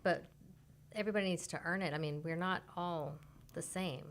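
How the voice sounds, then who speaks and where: A woman sits in as a guest on a talk show. Her voice is very low and gravelly with a lot of fry, and she states her opinions firmly. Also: normal speed. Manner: firm, matter-of-fact opinions. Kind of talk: casual chat.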